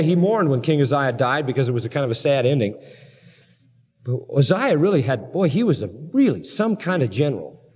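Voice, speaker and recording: A man preaching a sermon, telling stories dramatically and building his emphasis to loud peaks. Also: on the high side, in a large hall. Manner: animated, dramatic storytelling with rising emphasis.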